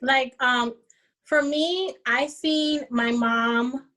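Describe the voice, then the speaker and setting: A woman's voice: high voice, steady tone, drawn-out words, bright, forceful tone, rough recording. A young woman from the Dominican Republic, speaking in a heartfelt, earnest way in a casual panel chat. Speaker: podcast co-host.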